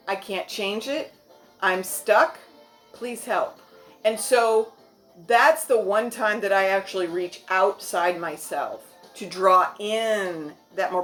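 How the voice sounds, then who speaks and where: A woman's voice: medium pitch, a bit bright. A woman in her fifties giving a motivational vlog talk to her viewers, earnest and frank with casual language. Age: 50s. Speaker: vlogger.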